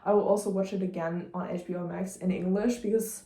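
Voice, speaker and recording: Young woman vlogger, German accent, mellow tone, rambling and casual. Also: fairly low pitch, fairly even intonation, fast. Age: young adult. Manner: chatty, rambling, informal. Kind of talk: casual vlog chat.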